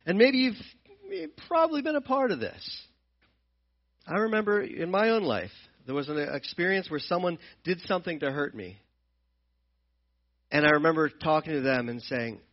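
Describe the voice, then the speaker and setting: A man's voice: on the high side, very animated, a little fast, lo-fi sound. A man teaching from the Bible in an earnest, explanatory way, often repeating and restarting his phrases. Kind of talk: sermon-style Bible teaching.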